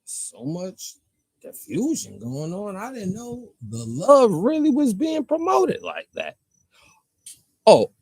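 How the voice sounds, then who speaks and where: A man's voice: a little mellow, no echo. A man ranting casually to camera as a vlogger, rambling and slangy. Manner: rambling, slangy, pitch jumping up and down. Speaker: vlogger reacting to a track.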